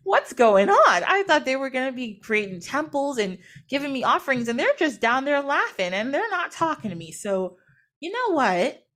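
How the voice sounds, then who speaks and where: A woman's voice: lowish voice, lively intonation, fairly quick. A woman voicing a vain, easily annoyed male creator god who talks in petulant, casual modern slang. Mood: indignant.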